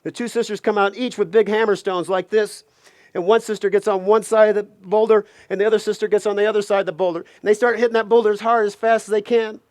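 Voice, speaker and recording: A man telling a folk tale aloud, animated, with playful asides. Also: high-pitched, quick pace, no room sound, clean studio sound. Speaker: storyteller.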